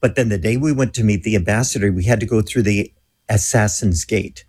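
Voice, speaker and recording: A man being interviewed as a guest, telling a lively story and acting out the voices of the people in it. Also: fairly low pitch, brisk, husky. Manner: animated storyteller who acts out quoted voices.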